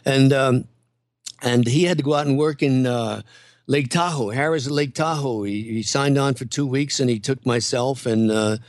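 An older male comedian spins anecdotes in a lively way and drops into character voices. His pitch sits in the middle range. The recording is dry and close. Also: moderate pace, no echo. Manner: animated, slips into impressions and voices. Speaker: guest comedian and impressionist. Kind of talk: anecdotal storytelling in an interview.

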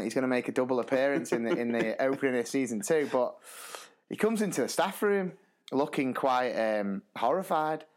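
A man co-hosting a podcast, telling staff room stories in a lively, animated way. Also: mid-range voice. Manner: animated storyteller who acts out other people's voices. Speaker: podcast co-host, primary teacher. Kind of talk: casual storytelling chat.

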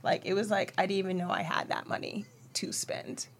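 A woman's voice: medium pitch, steady tone, fairly quick. Candid young woman in casual chat. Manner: candid, rambling, emotional about her kids. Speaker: podcast co-host.

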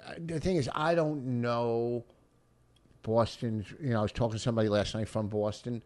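A man's voice: mid-range voice, steady tone, normal speed, darkish tone. A middle-aged man, a stand-up comic, rambling and swearing through casual podcast banter. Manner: rambling, profane, gruff banter. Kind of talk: casual chat.

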